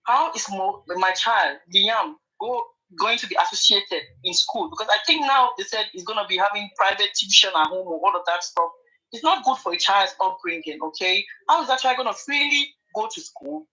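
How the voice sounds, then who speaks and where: A woman with a Nigerian accent making her points in a heated panel debate, getting louder when she is interrupted. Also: medium pitch, poor audio. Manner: argumentative, rising when interrupted.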